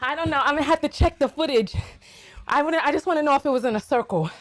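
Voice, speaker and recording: High-pitched, breathless woman streaming live. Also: rapid-fire. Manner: exuberant, breathless and playful, talking to viewers. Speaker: livestream host. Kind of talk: casual livestream chat.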